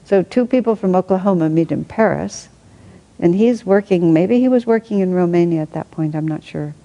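A woman reading aloud from a spiritual book and adding her own reflective commentary, thinking aloud with soft laughs. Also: lowish voice, fairly quick, rough recording.

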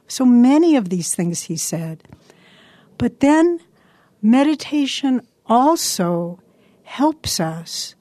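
A woman spiritual teacher giving a meditation talk, telling stories earnestly and slowing her words down for emphasis. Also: fairly high pitch, darkish tone, no echo.

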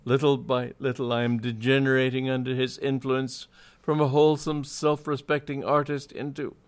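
A man's voice: flat delivery, normal speed, clean tone, natural voice. A man voicing an agitated young male artist who talks in a trembling, pleading way. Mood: shaken. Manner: high-strung, trembling and pleading.

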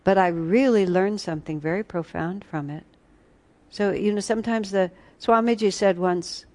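A woman leads a retreat class with a spiritual talk built on storytelling, now and then laughing or singing short snatches. Her mid-range, slightly mellow voice keeps a moderate pace.

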